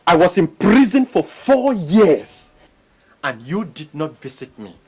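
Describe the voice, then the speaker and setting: An actor playing a bitter young man just out of prison, confronting his father in a husky voice. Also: high voice, very animated, slow pace, a little mellow, exaggerated voice.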